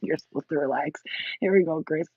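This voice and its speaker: A woman's voice: low voice, brisk, slightly rough, no echo, lo-fi sound. A woman in her forties telling crude, frank stories to a phone camera, laughing often. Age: 40s. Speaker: channel host. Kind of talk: candid storytelling to camera.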